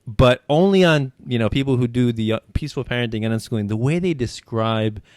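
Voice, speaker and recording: Halting, emotional male interviewer, dry sound. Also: medium pitch, lively intonation, darkish tone, dry recording. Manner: emotional, halting, many restarts. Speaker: interview host. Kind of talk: casual interview chat.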